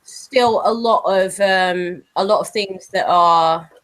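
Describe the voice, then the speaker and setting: A woman's voice: fairly low pitch, slow, rough recording. A woman chatting casually with friends. She halts and restarts often, filling gaps with "um" and "like". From Britain. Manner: hesitant, many fillers. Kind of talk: casual group chat.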